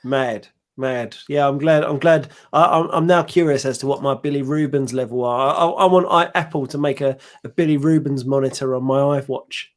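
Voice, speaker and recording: A man's voice: medium pitch, a little fast, hardly any pauses. A man co-hosting a podcast, making dry, teasing quips and swearing casually. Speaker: podcast co-host. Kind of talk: casual banter.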